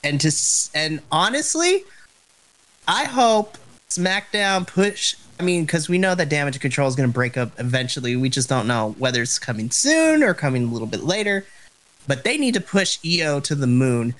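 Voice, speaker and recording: A man co-hosting a wrestling podcast in casual chat, passionate and excitable, tripping over his words when worked up. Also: on the high side, normal speed. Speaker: podcast co-host.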